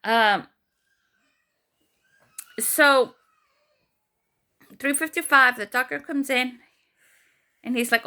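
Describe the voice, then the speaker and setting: A woman's voice: high voice, takes it slowly, long pauses. A young woman vlogger telling a personal story casually, full of fillers, acting out what others said. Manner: animated retelling, acts out quoted voices, many fillers.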